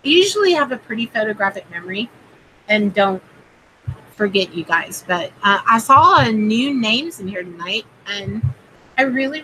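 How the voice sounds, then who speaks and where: A woman who is a parent hosts a casual livestream of card readings, rambling with lots of fillers and greeting viewers by name. Her medium-pitched voice is bright and forceful, heard on a low-quality recording with a little hiss or hum.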